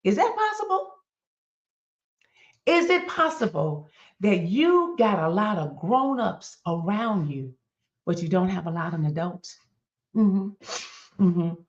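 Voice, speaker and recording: A middle-aged woman gives an emphatic, preaching-style motivational talk, asking her audience pointed questions directly. Her mid-range voice has lively intonation, moves slowly, and pauses often. The recording sounds dull and lo-fi.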